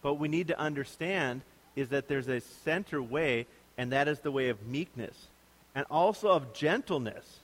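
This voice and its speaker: A man's voice: mid-range voice, animated, moderate pace, long reverb tail, rough recording. A man preaching a sermon in a conversational, joking way. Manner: conversational, joking, puts on voices to make points.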